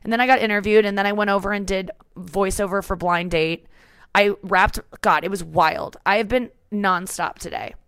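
A woman's voice: medium pitch, steady tone, fairly quick, few pauses, a bit bright, clean tone, dry recording. A woman in her thirties hosting a comedy podcast, chatting in a rambling, breathless way. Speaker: podcast host. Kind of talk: casual comedy chat.

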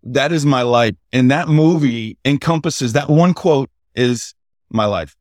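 A middle-aged man from the United States, a podcast guest telling lively stories and laughing as he goes. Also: medium pitch, a little slow, no echo, studio quality. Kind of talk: casual storytelling chat.

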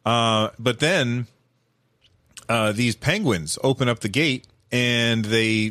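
A man giving casual, animated commentary, rambling with lots of fillers and restarts. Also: on the low side, no echo.

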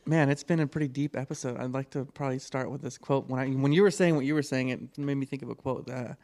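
A man co-hosting a podcast, talking in a low-key, reflective way and often laughing. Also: steady tone, quick pace, hardly any pauses, darkish tone. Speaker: podcast co-host. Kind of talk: casual podcast chat.

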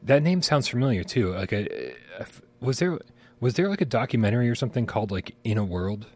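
A man's voice: medium pitch, animated, brisk, a little mellow, husky. A man co-hosting a live gaming stream, rambling and swearing casually, often laughing. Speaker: podcast co-host. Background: sirens outside.

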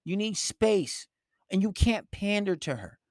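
A man's voice: high voice, lively intonation, unhurried, no room sound, studio quality. A man giving blunt, profane relationship advice in a lecturing monologue.

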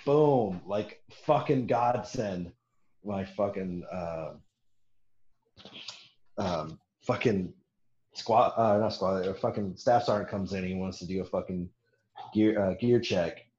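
A man with a lowish voice tells a service story in a loose, profane, laughing way, slipping into the voices of the people he quotes. The sound is roomy and somewhat dull, like a lo-fi room recording. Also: slow, a little mellow, a little hiss or hum. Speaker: military veteran storyteller. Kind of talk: casual storytelling.

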